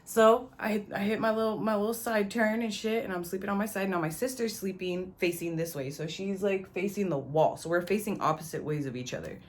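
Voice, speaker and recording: A woman's voice: mid-range voice, a little fast, few pauses. A young woman vlogger telling a personal story in a casual, slangy way, cursing freely and addressing the viewer directly. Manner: slangy, profane, talks straight to the viewer.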